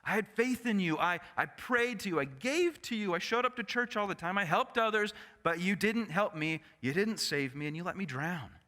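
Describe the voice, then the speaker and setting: A man's voice: high voice, animated, takes it slowly, bright, forceful tone, pitched above the performer's own voice, full character voice. A preacher voicing a stubborn, indignant man of faith in a raised, pleading voice. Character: desperate, indignant man of faith, middle-aged. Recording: echoey church sanctuary.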